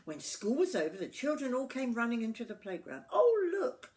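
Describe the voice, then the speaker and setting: An older woman reading a children's story aloud, expressive and adding asides to the listener. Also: fairly high pitch, fairly quick.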